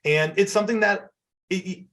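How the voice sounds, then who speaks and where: A man who is a guest on an interview, speaking in a reflective, steady way and listing everyday examples. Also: high voice, moderate pace. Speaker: podcast guest, married co-host of a marriage show. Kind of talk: casual interview chat.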